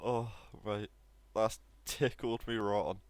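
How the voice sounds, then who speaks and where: A young man commentating on his own football video game match, laughing often and excitable. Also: lowish voice, takes it slowly, no room sound. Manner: giggly, excitable, laughs between lines. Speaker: gaming streamer.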